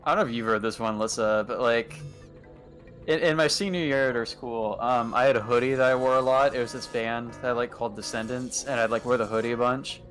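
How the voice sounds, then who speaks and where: Young man telling animated stories. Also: medium pitch, a little fast. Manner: animated storyteller, acts out loud quotes. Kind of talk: casual chat on a gaming livestream. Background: faint game music.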